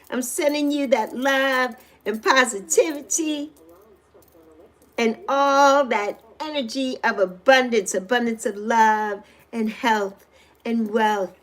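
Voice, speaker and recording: A woman in her sixties hosting a casual livestream, animated and sassy, greeting viewers by name. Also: fairly high pitch, measured pace. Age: 60s. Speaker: livestream host.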